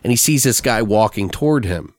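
A man talks through a plot idea in loose, rambling casual chat, full of swearing and quick bursts of acted dialogue. The sound is dry and close, with no room around it. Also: lowish voice, expressive, dry recording. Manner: rambling, acts out characters' lines, heavy swearing. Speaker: writer brainstorming a story. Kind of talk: casual story brainstorm.

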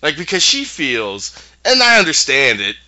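A man's voice: on the high side, wildly swooping pitch, moderate pace, sharp tone, muffled recording. A man casually recapping a TV episode and acting out the characters' lines in voices. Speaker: podcast host recapping a TV episode.

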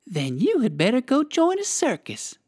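A storyteller voicing a small, brisk mouse lady in a children's story, who talks curtly and dismissively in a much higher voice. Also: huge pitch swings, darkish tone, breathy edge. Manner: curt, dismissive. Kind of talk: storybook character voice.

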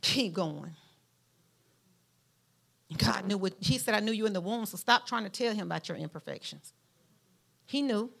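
A woman's voice: normal speed, gravelly, long pauses. A woman with a Southern Alabama drawl preaching a sermon, folksy and emphatic, talking straight to her congregation. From Mount Vernon, Alabama, US. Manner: animated preaching with a lively pitch, rising to emphatic peaks; folksy, speaks directly to the congregation.

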